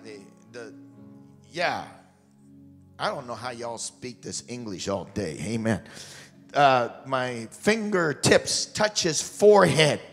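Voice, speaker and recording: A male missionary preacher telling a testimony in a sermon, rambling at first and building to fervent shouted preaching. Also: medium pitch. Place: church sanctuary. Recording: long hall reverb with faint music.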